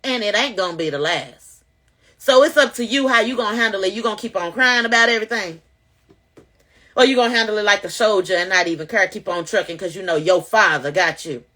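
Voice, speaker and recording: Animated, bright-voiced woman giving testimony. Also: medium pitch, a little fast. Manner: animated, preachy, addresses viewers directly. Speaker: vlogger sharing testimony. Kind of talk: casual spoken testimony to camera.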